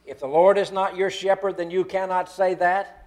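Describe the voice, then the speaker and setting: Man, preacher, sermon, emphatic, slightly high voice. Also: little pitch movement, darkish tone. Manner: emphatic, slow stresses on key words.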